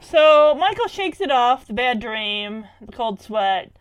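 A woman with a high voice recaps a cartoon episode in a loose, chatty way. She keeps throwing in "like" as she goes. The sound is dry and close, with no room echo. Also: takes it slowly, smooth, muffled recording. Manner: chatty, animated retelling full of "like".

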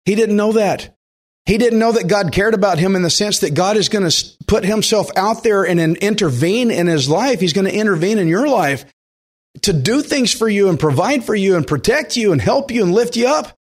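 Guy preaching a sermon, kinda high voice, earnest and chatty, slows way down to hammer a point. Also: expressive. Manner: earnest, conversational preaching with emphatic slowdowns. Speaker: pastor.

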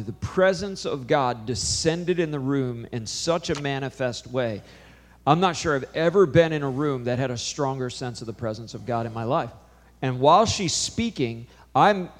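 Preacher guy telling a story, gets loud then quiet, long echo like a big hall. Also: medium pitch. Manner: animated, raises and drops his voice for emphasis. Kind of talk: sermon storytelling.

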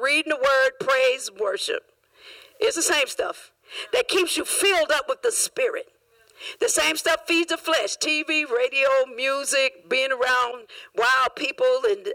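A woman's voice: sits high, recorded from a distance, poor audio. Emphatic woman pastor preaching. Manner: emphatic, repetitive, rising to shouts. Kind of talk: sermon. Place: church.

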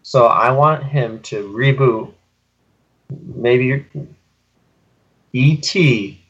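A man's voice: medium pitch, drawn-out words, fairly bright tone, lo-fi sound. A man co-hosting a podcast, rambling through grand setups in casual banter. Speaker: podcast co-host.

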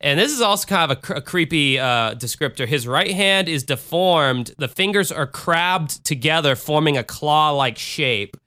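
A man's voice: fairly high pitch, expressive, moderate pace, few pauses, sharp tone, clean tone. An American man hosting a casual true-crime podcast, retelling a case with chatty asides. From United States. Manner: chatty, retells cases with asides and bad impressions. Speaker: podcast host.

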